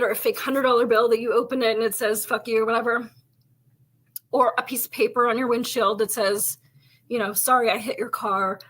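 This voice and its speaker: Woman, cop on a chat show, rambling, lots of fillers, fairly high, very bright tone. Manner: chatty storytelling, heavy with "like", casual swearing. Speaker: podcast co-host and police officer. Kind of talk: casual chat.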